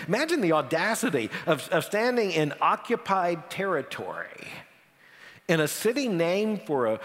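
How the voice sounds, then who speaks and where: Male preacher, lively delivery, somewhat high voice, long church reverb. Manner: animated, dramatic pauses, repeats words when emphasizing. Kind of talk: sermon.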